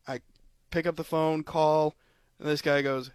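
A man's voice: on the high side, fairly even intonation, moderate pace, clear, resonant tone, dry recording. A man co-hosting a sports podcast, telling stories animatedly, laughing often and acting out voices in casual chat. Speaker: podcast co-host.

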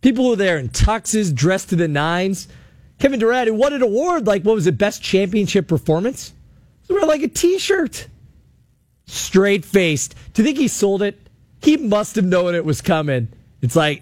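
A man hosting sports talk radio, chatty and animated, taking calls from listeners. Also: high-pitched, moderate pace, no echo. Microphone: studio mic.

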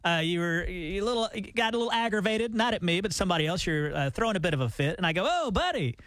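A man co-hosting a morning radio show, chatting casually and telling animated stories. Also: high-pitched, fast talker, no echo.

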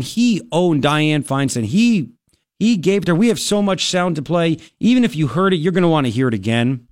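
Animated high-voiced male talk host. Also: fairly quick, no room sound, clean studio sound. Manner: animated, emphatic, ranting. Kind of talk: political talk commentary.

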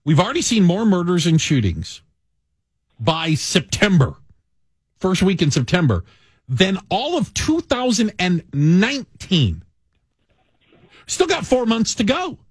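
A man hosting a morning radio show, joking and animated. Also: high-pitched, a little slow, long pauses, husky, dry recording, studio quality. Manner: animated, joking, lively delivery.

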